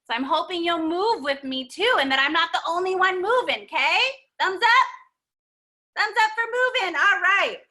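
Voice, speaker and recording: A woman's voice: very high voice, lively intonation, moderate pace, bright, forceful tone. A young woman teaching a story-time yoga class for children in an encouraging, sing-song way, recorded on her computer's microphone. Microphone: computer mic.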